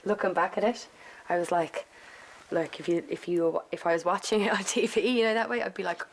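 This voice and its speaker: Girl rattling through a story, slightly low voice, acts out the quotes, lots of hiss behind. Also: brisk. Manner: animated retelling, acts out quotes. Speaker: reality show contestant. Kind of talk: casual chat. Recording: noisy house recording.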